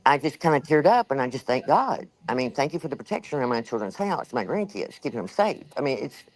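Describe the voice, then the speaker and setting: Chatting to a live audience, an older livestream host spins a meandering story packed with fillers, slightly breathless. She talks fast in a very deep, very animated voice over poor audio.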